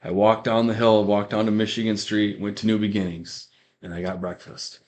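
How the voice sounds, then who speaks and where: A man's voice: lowish voice, level tone, moderate pace. A man giving a casual spoken faith testimony, rambling and repeating himself as he acts out what others said. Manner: rambling storyteller who repeats himself and acts out quoted lines.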